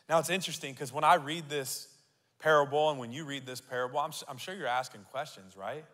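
A male pastor preaching a sermon, reading scripture aloud and building to loud declarations. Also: on the high side, quick pace. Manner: reads scripture aloud and asks the crowd to repeat. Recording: long hall reverb.

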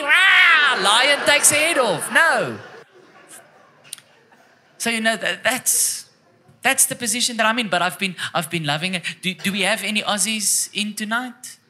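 A young South African man performing an animated stand-up comedy routine on a comedy club stage, telling stories and shouting at times. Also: very high-pitched, slight background noise. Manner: animated, storytelling with bursts of shouting.

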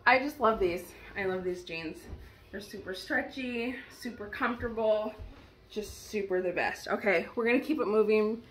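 A young woman talking casually to her viewers at home, chatty and gushing as she shows off her finds. Her voice sits at a middle pitch for a woman. Faint hiss runs under it from a camera mic a few feet away. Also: moderate pace. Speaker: vlogger. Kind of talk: casual try-on haul chat.

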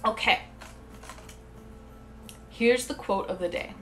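A woman's voice: mid-range voice, lively intonation, a little slow. Chatty woman streamer, faint music behind. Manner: chatty, talks straight to viewers. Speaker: live streamer. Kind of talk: casual livestream chat.

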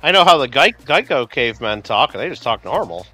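Very animated and fairly quick, a medium-pitched man with a bright, forceful tone hosts a gameplay livestream over faint music. He rambles and chats, calling out viewers by name as he responds.

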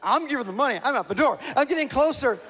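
A male pastor preaching a sermon as a humorous, lively story with self-mocking asides. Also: very high-pitched, fast talker. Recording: reverberant church hall.

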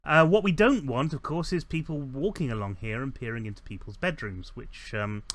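A man's voice: mid-range voice, moderate pace, fairly bright tone. Rambling man narrating gameplay. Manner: rambling, self-correcting, many filler ums. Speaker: let's play host. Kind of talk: casual gameplay commentary.

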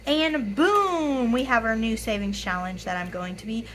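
A young woman in her twenties with a hoarse, raspy voice, chatting casually to camera, often apologizing and counting money out loud. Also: medium pitch, steady tone, a little fast, slight background noise, poor audio. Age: 20s. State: hoarse, voice tired. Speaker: budgeting YouTuber.

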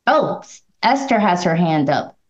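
A woman's voice: on the low side, sing-song, measured pace. A woman leading a bible study group, talking hesitantly with many restarts. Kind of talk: casual group discussion. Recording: echoey, dull room audio.

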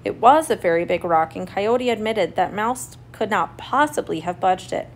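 A woman reading a children's story aloud in a clear, expressive, steady way. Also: medium pitch, normal speed, hardly any pauses. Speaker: story reader.

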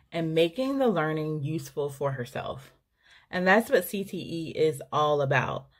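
A woman teacher presenting a department award in a formal, praising manner. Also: lowish voice.

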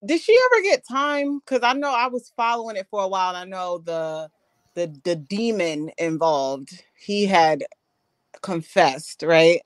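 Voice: mid-range voice, unhurried, dry recording. A livestream panelist talks angrily and profanely, firing off questions. The voice sits in a middle range, and the sound is dry and close. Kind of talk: casual heated chat.

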